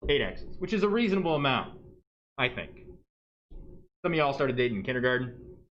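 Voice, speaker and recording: A man's voice: medium pitch, very animated, a little fast, a bit bright, muffled recording, slight background noise. A man teaching a math lesson to his class in a chatty, joking way, often checking in with questions. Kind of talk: live-streamed classroom lesson.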